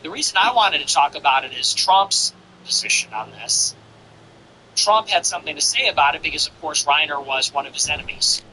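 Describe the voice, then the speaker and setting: A man's voice: a little high, animated, a little fast, bright, forceful tone, a little hiss or hum, poor audio. A man giving blunt, profane, mocking casual political commentary.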